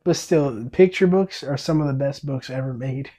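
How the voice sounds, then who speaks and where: An enthusiastic young man reads a storybook aloud and breaks off into excited, stammering asides. His voice is mellow and unforced, sitting at an ordinary middle pitch. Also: normal speed, slight background noise. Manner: enthusiastic, stammering restarts, laughs. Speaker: storybook reader, channel host. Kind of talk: reading a picture book aloud with asides.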